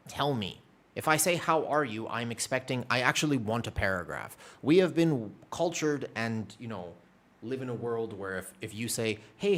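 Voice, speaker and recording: A man streaming, chatting casually with viewers, rambling and self-deprecating, swearing casually. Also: lowish voice.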